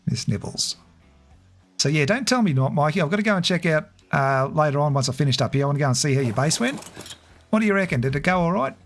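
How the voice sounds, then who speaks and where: A man hosts a relaxed game livestream, chatting and laughing with his viewers. His voice sits a touch higher than most men's. Soft guitar music plays faintly behind him. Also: quick pace. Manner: chatty, laughs often, talks to viewers by name. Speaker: game streamer. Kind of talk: casual livestream chat.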